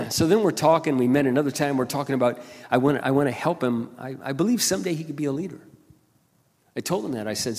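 A man preaching a sermon as a pastor, passionate, dropping to quiet asides and then rising to loud exclamations. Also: medium pitch, quick pace, vocal fry. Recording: long hall reverb.

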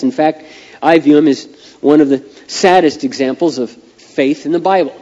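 A middle-aged man preaching a sermon with animated, folksy storytelling. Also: on the high side, dull audio. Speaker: pastor. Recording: long hall reverb.

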